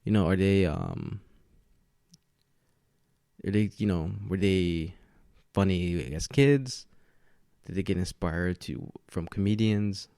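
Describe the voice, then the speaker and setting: A man's voice: low-pitched, takes it slowly, creaky, long pauses, warm tone, dry recording, clean studio sound. A man hosting a podcast alone at home, a bit tipsy from tequila, chatting in a loose, rambling way and laughing often. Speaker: podcast host. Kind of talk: casual solo podcast chat. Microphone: podcast mic with camera setup.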